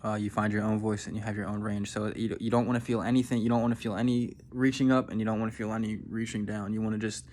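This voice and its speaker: Male voice coach, lowish voice, steady instructive delivery; faint hiss behind. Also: fast talker, few pauses. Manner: instructive, demonstrating sounds. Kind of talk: vocal warm-up lesson.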